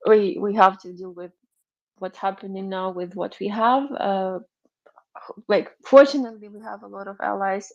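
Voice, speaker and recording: Woman hosting a live audio chat, emotional and rambly, lots of ums, mid voice, kinda muffled lo-fi sound. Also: medium pitch. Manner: emotional, rambling, with frequent fillers and soft laughs. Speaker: host.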